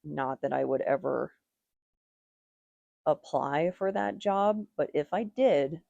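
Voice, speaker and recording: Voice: medium pitch, lively intonation, slow, creaky, darkish tone, dry recording, muffled recording. A tarot reader giving a casual, rambling reading, with strong opinions and lots of "like" fillers.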